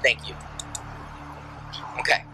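A man's voice: slow pace, over music, rough recording. A police officer, a man, giving patient, repetitive sobriety test instructions at the roadside at night.

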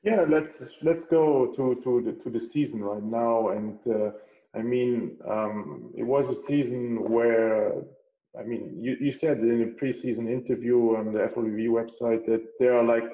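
A man's voice: medium pitch, steady tone, normal speed. A man co-hosting a podcast, speaking hesitantly with frequent restarts. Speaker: podcast co-host. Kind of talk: casual podcast interview. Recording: echoey phone-like line.

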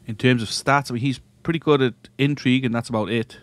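A man's voice: medium pitch, fairly even intonation, quick pace, a little hiss or hum. A man hosting a let's-play, casually thinking aloud as he plays a strategy game, often trailing off and restarting. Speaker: gaming channel host.

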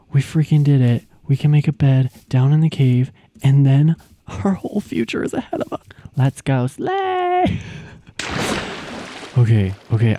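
Excitable young man narrating gameplay. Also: mid-range voice, background noise. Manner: excitable, squeals and gasps, talks to game animals. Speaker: gaming channel host. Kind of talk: gameplay commentary.

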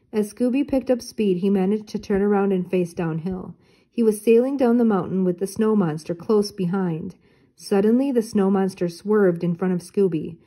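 An older woman reads a children's storybook aloud, clear and even. Her voice is mellow and soft-edged, with a gentle, unhurried delivery. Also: mid-range voice. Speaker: storybook reader. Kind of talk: reading a children's book aloud.

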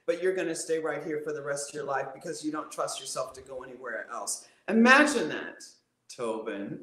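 A woman voice coach, guest on a live-streamed interview, talking in an animated, playful way and showing things off with her voice. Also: low-pitched, moderate pace, reverberant.

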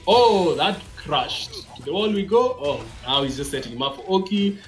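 An excitable male esports commentator with a lively, animated delivery, jumping from calm play-by-play to loud disbelief. His pitch swings widely as he calls the action. Faint music plays behind him. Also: normal speed. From Africa. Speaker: fighting game commentator.

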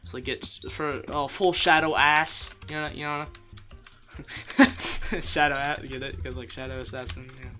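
A streamer giving live gameplay commentary, excitable and jokey, laughing often and repeating phrases. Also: medium pitch, normal speed, pauses often, soft background music. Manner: jokey, self-deprecating.

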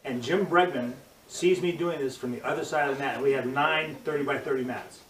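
An older man, a judo instructor, telling animated stories in an interview and acting out the voices of the people in them. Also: medium pitch, a little fast, a little hiss or hum. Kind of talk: storytelling interview. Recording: roomy, distant mic, crowd murmur.

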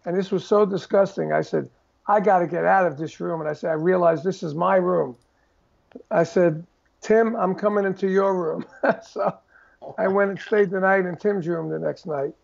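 An older man, telling animated stories in a casual interview and acting out the voices of the people in them. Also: sits high, normal speed, vocal fry, muffled recording. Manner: animated storyteller who acts out quoted voices. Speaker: guest drummer telling stories.

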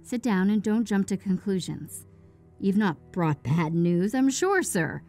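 A stubborn old father in a storybook tale, slow and heavy, insisting on what he saw, as a woman narrator voices him. The voice is mellow and soft, with faint music behind. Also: medium pitch, lively intonation. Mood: hasty.

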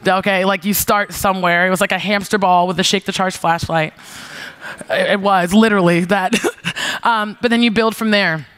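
A young woman from New York giving a conference talk, telling lively stories with swearing and acting out her own retorts. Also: mid-range voice, moderate pace, clean tone. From New York, USA. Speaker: keynote speaker, founder. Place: stage before an audience.

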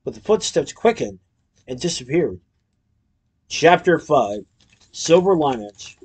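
A man's voice: a little high, takes it slowly, breathy edge. Man reading a storybook aloud. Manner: lively storytelling with character voices. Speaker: narrator.

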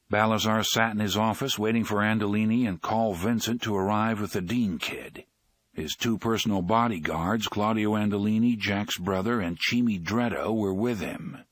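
In this close, dry recording with no room sound, a fairly low-voiced male narrator delivers audiobook narration at an even, measured pace.

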